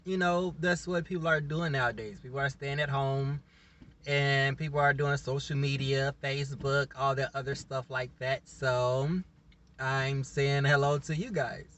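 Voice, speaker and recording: Casual male vlogger, rambling and emotional, bright, forward tone. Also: fairly high pitch, lo-fi sound. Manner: rambling, laughing often, emotional. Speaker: YouTuber reviewing a reality show. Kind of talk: casual reaction vlog.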